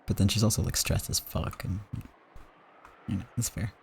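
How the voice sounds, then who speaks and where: A man's voice: lowish voice, fairly even intonation, moderate pace, vocal fry, a little hiss or hum. A man hosting a game playthrough, talking casually in a rambling, stammering, emotional way. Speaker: let's play host.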